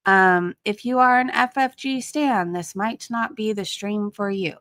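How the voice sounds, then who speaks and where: A woman's voice: a little high, a little slow, few pauses, fairly bright tone, no echo, studio quality. A middle-aged woman chatting casually from home as a livestream host, greeting viewers by name. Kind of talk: casual chat.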